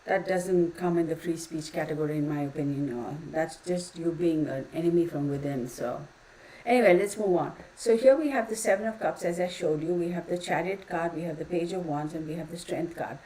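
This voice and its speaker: A woman's voice: low voice, a little fast, warm tone, a little hiss or hum, rough recording. A woman, reading tarot cards on her channel and ranting her opinions in a blunt, profane, heated way. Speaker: tarot reader.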